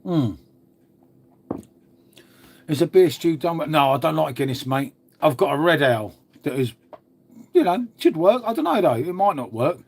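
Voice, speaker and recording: A middle-aged Englishman hosts a live stream and reads out comments as he goes. He talks bluntly and matily and swears freely. His voice sits a little higher than most men's. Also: sing-song, moderate pace, pauses often. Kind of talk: casual live chat reading comments.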